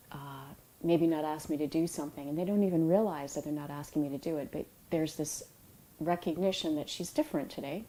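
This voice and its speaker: A middle-aged woman, an author, giving a reflective talk about emotions in a soft, unhurried and tender way, with pauses. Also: deep voice, poor audio. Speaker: author and yoga teacher.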